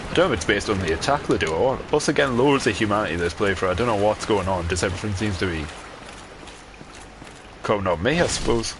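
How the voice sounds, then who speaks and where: A man's voice: fairly low pitch, lively intonation, fast talker, background noise. Rambling man in a gaming commentary. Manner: rambling, chatty, frequent ums, mild swearing. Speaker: gamer. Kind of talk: casual gameplay commentary.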